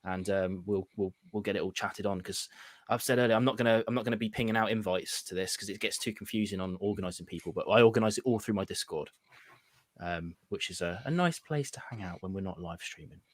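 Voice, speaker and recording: A man hosting a casual livestream chat, relaxed and rambling with lots of fillers. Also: lowish voice, quick pace, no room sound. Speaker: host.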